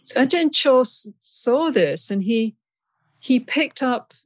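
A woman's voice: a little high, lively intonation, slow pace, no room sound. A woman from England, a guest in an interview, telling stories in a chatty, anecdotal way and laughing often. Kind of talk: storytelling in a conversation.

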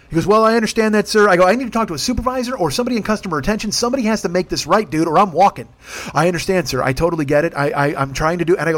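Fast-talking, high-voiced man ranting. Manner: animated, quotes people in put-on voices. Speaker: podcast host. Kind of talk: profane comic storytelling rant.

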